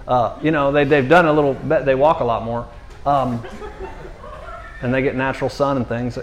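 A man's voice: medium pitch, level tone, moderate pace. A man giving a casual, conversational sermon, slangy and full of restarts. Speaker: preacher.

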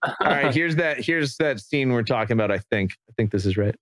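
A man hosting a casual movie chat, relaxed and enthusiastic as he plays clips. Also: medium pitch, fairly quick, no room sound. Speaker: podcast host and game master.

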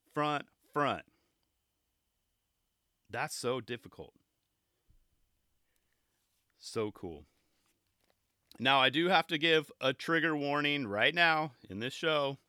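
Laughing and often starting his sentences over, a man hosts a show where he excitedly and casually goes through skate video clips. He has a mid-range voice, recorded dry with clean studio sound.

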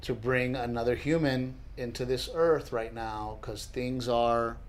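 A middle-aged comedian co-hosting a podcast chats casually in a mid-range voice at a slightly slow pace. He's an animated, joking storyteller who often mimics other people.

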